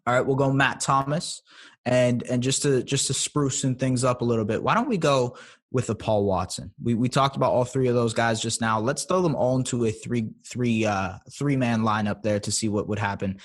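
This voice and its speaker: A man's voice: medium pitch, moderate pace. A man as a podcast guest, chatting casually with a playful, self-deprecating manner.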